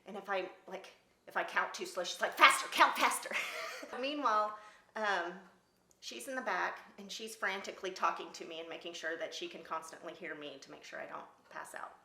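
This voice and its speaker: Middle-aged woman telling her story, lowish voice, lots of laughs, echoey room. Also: brisk, creaky. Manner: lively, laughs between lines, acts out quoted voices. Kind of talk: casual personal storytelling. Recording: roomy echo.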